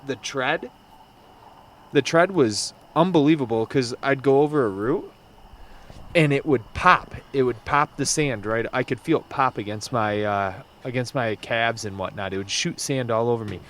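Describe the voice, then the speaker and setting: A young man guest on a podcast, telling a story casually with halting restarts. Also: medium pitch, a bit bright.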